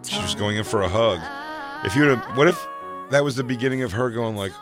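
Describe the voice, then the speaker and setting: A man's voice: mid-range voice, fast, over music. A man co-hosting a casual comedy podcast, joking and reading news items aloud. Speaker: podcast co-host.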